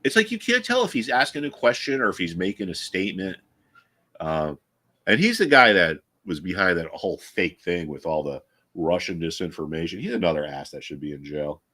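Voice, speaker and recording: A man's voice: deep voice, big pitch swings, a little fast, sharp tone. A man hosting a live trading stream, chatting casually and with strong opinions, full of restarts and fillers.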